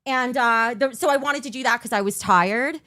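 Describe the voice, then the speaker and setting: A woman's voice: fairly high pitch, normal speed, pushed and bright, no echo. An overtired woman hosting a casual livestream, rambling and losing her train of thought. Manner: bursts into a mock auctioneer patter. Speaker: livestream host.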